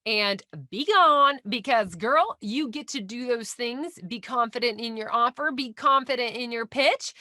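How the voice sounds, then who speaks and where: A woman's voice: high voice, bright, forceful tone, no room sound, studio quality. A woman hosting a solo podcast, chatty and encouraging as she gives sales coaching.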